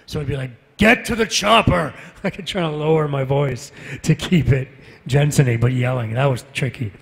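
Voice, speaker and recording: Convention-panel guest: husky, mid-pitched man, relaxed and self-deprecating, heard over a reverberant hall PA. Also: brisk. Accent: Canadian. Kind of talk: casual panel Q&A. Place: large convention hall stage.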